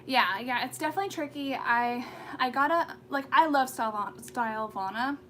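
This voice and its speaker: Speaking at normal speed in a high-pitched, fairly bright voice with a little hiss or hum, a woman in her thirties from the United States runs a casual skincare livestream. She rambles from a home room with pets, often using fillers and restarting.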